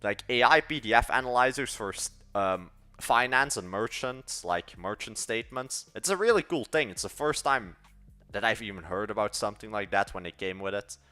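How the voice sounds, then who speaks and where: A man's voice: on the low side, animated, moderate pace, bright, forceful tone, clear, resonant tone, soft background music. An eighteen-year-old man from Belgium with a Dutch accent, rambling casually to his live-stream chat while he codes. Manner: rambling, slangy, talks to chat and mutters while working. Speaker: live-streaming app developer.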